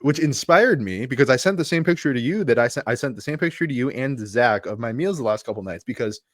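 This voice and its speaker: A man's voice: mid-range voice, animated, fast talker, fairly bright tone, dry recording, studio quality. A man co-hosting a live podcast as a coach, telling stories in a chatty way and laughing at himself. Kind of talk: casual live podcast chat.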